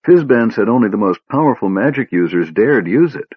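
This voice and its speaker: A man's voice: fairly low pitch, animated, fairly quick, husky, no echo, highs cut off, pitched above the performer's own voice. A man reading aloud who voices a small, nervous male kender, talking eagerly and stammering.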